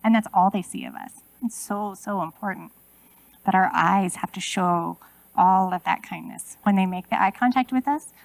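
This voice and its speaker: Woman in her forties, keynote speaker, chatty, rhetorical questions, gravelly fry, dry close sound. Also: medium pitch, moderate pace, dry recording, rough recording. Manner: conversational, asks the audience many rhetorical questions. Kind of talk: conference keynote talk. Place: conference room.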